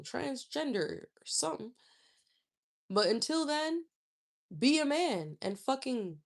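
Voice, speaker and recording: A woman in her thirties from Charlotte, a YouTuber ranting in a blunt, profane, animated way. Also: high voice. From Charlotte, North Carolina. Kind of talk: casual storytelling rant.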